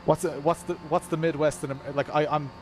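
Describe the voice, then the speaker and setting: A man's voice: a little high, fairly even intonation, fast talker, crowd noise. A man, chatting casually on a live stream while racing, rambling and laughing often at himself. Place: home at night, kids asleep upstairs.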